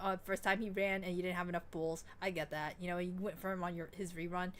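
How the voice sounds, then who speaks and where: A woman streamer chatting casually while playing a game, excitable and rambling, swearing freely. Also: mid-range voice. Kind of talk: casual gaming stream chat.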